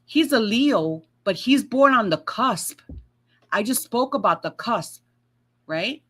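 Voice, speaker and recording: Bright-voiced woman rambling about tarot. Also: fairly high pitch, lively intonation, takes it slowly, breathy edge. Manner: chatty, swears freely, acts out her own quotes. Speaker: tarot reader and astrology vlogger. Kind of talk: casual rambling monologue.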